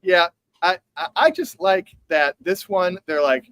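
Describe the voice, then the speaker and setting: A man co-hosting a casual chat show, animated and sarcastic, swearing freely. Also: high-pitched, a little slow, dry recording, poor audio. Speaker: podcast co-host.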